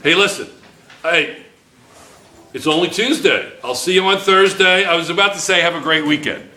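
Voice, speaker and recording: A male chemistry teacher talks his class through problems in a loose, joking way, always checking in with them. His voice is bright and forward, and it echoes around a roomy classroom. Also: fairly high pitch, normal speed, a little hiss or hum. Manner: chatty, joking, checks in constantly with "right?". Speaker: high school chemistry teacher. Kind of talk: classroom lecture.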